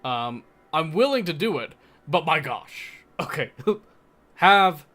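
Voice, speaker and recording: A man's voice: on the high side, sing-song, slow, bright, forceful tone. Playful young man streaming a game. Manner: playful, teasing, mock-defensive banter with chat. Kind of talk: casual live-stream chat while gaming.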